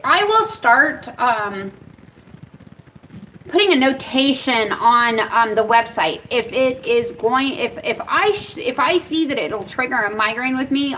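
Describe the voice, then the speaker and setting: A woman's voice: on the high side, fairly bright tone, far from the mic, a little hiss or hum, low-quality recording. An American woman talking casually in a rambling way as she reviews cannabis products outdoors. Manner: chatty, rambling, easily startled. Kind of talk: casual vlog talk. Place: outdoors in Arizona.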